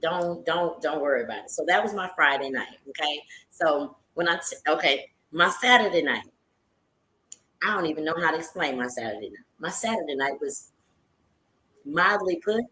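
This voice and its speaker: A woman hosts her own live stream and chats casually with the viewers she calls y'all. She sounds bright and animated and laughs often, and her voice bounces around an echoey room. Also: low-pitched, normal speed.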